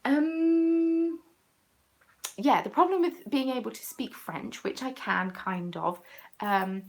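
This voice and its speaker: A young English woman in casual conversation, playful and chatty, her voice sitting at an ordinary middle pitch. She drops now and then into muttered, half-whispered asides. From England. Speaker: crafting vlogger hosting a chat. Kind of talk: casual chat.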